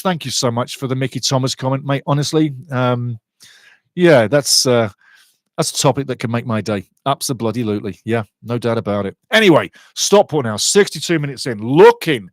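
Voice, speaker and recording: A man's voice: medium pitch, dry recording. A man hosting a live football watch-along, giving chatty fan commentary and reading out viewer comments.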